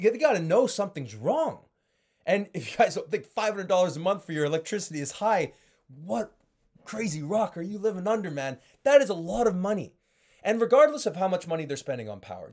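A young man giving a casual sales training talk, animated and full of fillers as he demonstrates high and low tones. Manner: frequent fillers and restarts.

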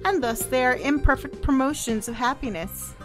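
A woman's voice: high voice, normal speed, lightly acted. A woman reading the lines of an earnest male debater in a game, reasoning step by step. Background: game soundtrack music.

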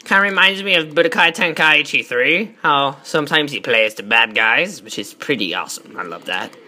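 A gaming channel host, a woman, delivers excitable and profane let's-play commentary, yelling at enemies and bantering in character as a god persona. Her voice is low and she talks fairly quickly.

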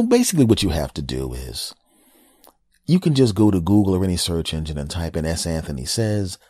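Deep-voiced brash comedic podcast host man. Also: darkish tone, dry recording. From United States. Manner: brash, joking, profane. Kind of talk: casual comedic monologue.

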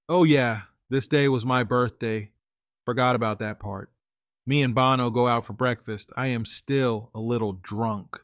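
A man narrates a first-person story in a steady, confessional way. His voice sits at an ordinary middle pitch. The recording is dry, with no room sound. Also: dry recording.

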